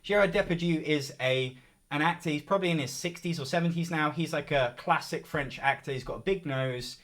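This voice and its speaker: A man's voice: a little high, brisk, fairly bright tone. A young man co-hosting a live game show stream, joking around and reading viewer comments aloud.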